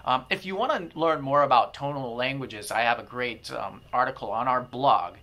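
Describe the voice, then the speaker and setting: Bright-voiced man explaining pronunciation. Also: mid-range voice, moderate pace. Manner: thinking aloud, demonstrating vowel and tone sounds. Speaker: language-learning company founder explaining pronunciation. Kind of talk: informal video lesson to camera.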